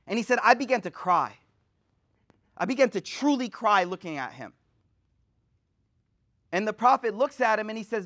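High-voiced man telling an animated religious story. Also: moderate pace, long pauses. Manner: animated, slangy, acts out quotes. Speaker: Islamic teacher. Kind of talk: lecture storytelling.

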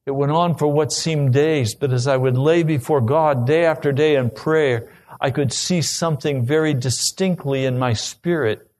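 A man's voice: on the high side, moderate pace, few pauses, a little mellow. A man preaching a sermon, telling his own testimony earnestly and then pressing urgent questions on the listener.

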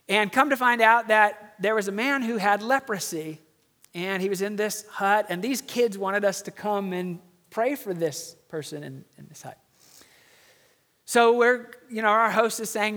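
A middle-aged male pastor preaches, telling a story in an earnest way and slowing down on key words. His voice sits high for a man. The sound carries the long reverb of a church hall. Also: a bit bright. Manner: storytelling, earnest, slows for emphasis. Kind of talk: sermon.

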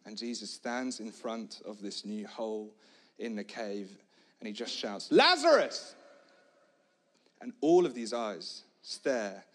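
A man preaching a sermon, retelling a story dramatically, moving between hushed, quiet lines and loud shouts. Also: on the low side, steady tone, a little slow.

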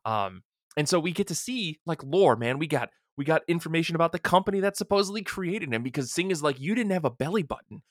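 A man's voice: a little high, a little fast, dry recording, studio quality. A man co-hosting a podcast, talking casually and animatedly as he recaps a TV episode and acts out bits of dialogue. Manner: animated, retells scenes with quoted voices. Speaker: podcast co-host.

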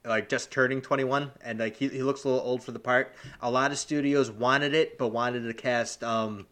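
A man's voice: mid-range voice, fairly even intonation, fairly bright tone. A man co-hosting a podcast, chatting casually and filling his talk with "like". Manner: talks fast with lots of "like" fillers. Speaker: podcast co-host. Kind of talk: casual chat.

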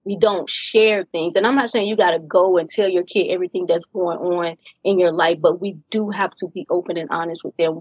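A middle-aged woman speaking as a podcast guest, telling her own story in an earnest, deliberate way and leaning on key phrases. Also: lowish voice, slightly rough, no echo, low-quality recording. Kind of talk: candid personal storytelling in conversation.

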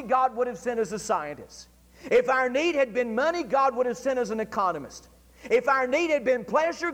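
A man with a very high voice preaches from the pulpit, his words trailing off into a long church echo. He slows and stretches the phrases he wants to land. It sounds like an archived church recording. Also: fairly bright tone. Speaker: pastor. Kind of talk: sermon. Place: church sanctuary.

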